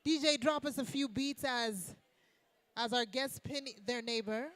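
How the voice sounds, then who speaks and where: A woman's voice: a little high, a little slow, fairly bright tone, no room sound. A woman hosting an awards gala, upbeat and drawing responses from the crowd. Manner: upbeat crowd-engaging emcee. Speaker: event host. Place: banquet hall at an evening event.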